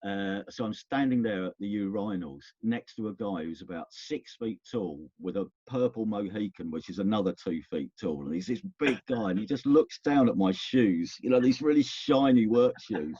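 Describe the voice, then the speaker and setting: A man's voice: on the low side, normal speed, few pauses, warm tone, slightly rough, dry recording, lo-fi sound. A man, casually reminiscing as a guest and rambling with restarts. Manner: rambling, self-interrupting storyteller.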